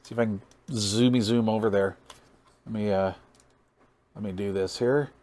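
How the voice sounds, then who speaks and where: A man's voice: on the low side, steady tone, normal speed, a little mellow. Folksy man demoing radio gear. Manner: amazed, folksy, thinks aloud while reading meters; counts into the mic during test calls. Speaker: radio hobbyist channel host. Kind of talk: casual hands-on gear demo.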